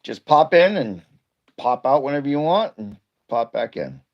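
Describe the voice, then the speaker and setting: A man's voice: medium pitch, big pitch swings, moderate pace, muffled recording. A man casually chatting on his evening live stream, greeting viewers by name and rambling between topics.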